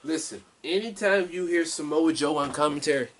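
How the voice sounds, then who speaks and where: A man's voice: fairly high pitch, fairly quick, slight background noise. A man co-hosting a podcast, chatting about wrestling with laid-back, agreeable comments. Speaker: podcast co-host. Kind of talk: casual wrestling chat.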